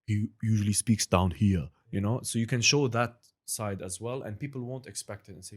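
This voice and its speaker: A man's voice: lowish voice, moderate pace, husky. A man hosting a podcast, chatting casually and a bit self-deprecatingly about doing impressions. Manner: rambling, self-deprecating, breaks into brief impressions. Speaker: podcast host.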